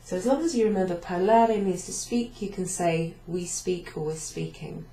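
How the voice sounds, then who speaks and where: In an echoey classroom at a venue, a British woman teaches beginners a language at the whiteboard, going step by step with fillers. Her voice is on the low side and dark in tone, at normal speed.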